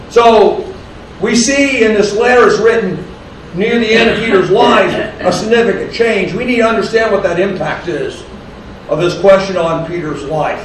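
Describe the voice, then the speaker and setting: Slow high-voiced male preacher, echoey hall. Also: background noise. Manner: slow, deliberate scripture reading and preaching. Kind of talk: sermon. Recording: distant, very echoey room with faint ambience.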